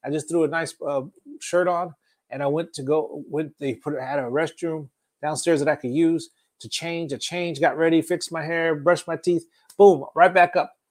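Male preacher, slightly high voice, lively testimony delivery with sudden loud and quiet turns. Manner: animated storytelling, shifting loud and soft. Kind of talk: testimony sermon.

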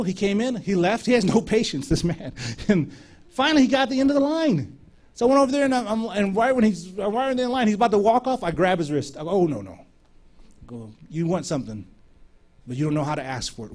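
High voiced preacher guy telling a story in a sermon, acts out all the dialogue. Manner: animated storyteller acting out dialogue.

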